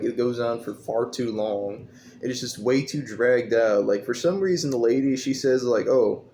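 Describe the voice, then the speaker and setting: Casting note: a man doing a low-pitched, scornful, rambling movie rant over a faint hum. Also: creaky, darkish tone. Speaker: movie reviewer. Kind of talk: casual rant.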